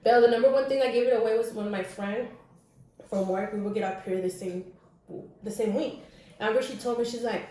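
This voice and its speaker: A woman's voice: on the high side, fast talker, mellow, distant mic. Woman, podcast co-host, casual storytelling, mixes English and Spanish, strong room echo. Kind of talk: casual chat.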